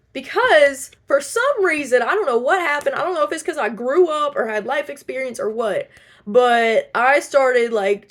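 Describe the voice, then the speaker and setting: A young woman talking casually to camera, chatty and rambling, with many fillers and restarts, laughing now and then. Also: medium pitch. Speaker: vlogger. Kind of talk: casual chat.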